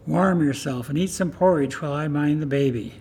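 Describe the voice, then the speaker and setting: A man voicing a kindly old shoemaker, speaking gently and welcomingly, slightly higher than his narration. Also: fairly quick, slightly rough. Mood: gentle.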